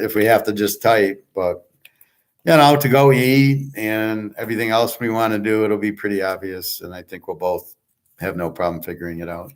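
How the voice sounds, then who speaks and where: A man with a somewhat low voice chats loosely to his viewers. His talk wanders from one thought to the next in an easy conversational way, and he speaks directly to a listener. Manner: rambling and conversational, talks straight to a listener. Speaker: channel host. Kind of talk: casual rambling chat to viewers.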